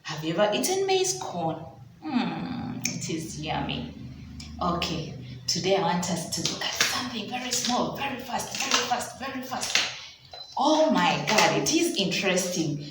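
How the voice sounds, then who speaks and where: A woman's voice: lowish voice, sing-song, distant mic, heavy background noise. A woman with a Ugandan English accent, a preschool teacher telling a story to children in a phonics lesson. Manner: slow, drawn-out sounds, storytelling to children. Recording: echoey room, voice off-mic.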